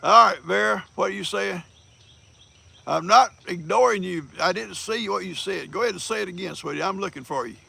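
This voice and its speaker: Gravelly folksy older man. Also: high voice, a little fast, bright, forceful tone. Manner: folksy, teasing, laughs often. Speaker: livestream host. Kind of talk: casual livestream chat with viewers.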